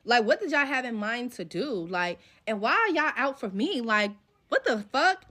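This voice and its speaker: A woman's voice: on the high side, big pitch swings, normal speed, bright, forceful tone. A young woman telling a story from her own life in casual, profane slang, acting out the dialogue as she goes. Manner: profane, slangy, retells scenes with quoted dialogue.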